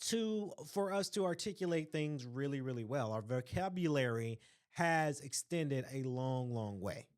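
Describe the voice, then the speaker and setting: A man hosting a casual solo podcast, speaking earnestly and with strong opinions, repeating phrases for stress and often asking "right?". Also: mid-range voice. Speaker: podcast host.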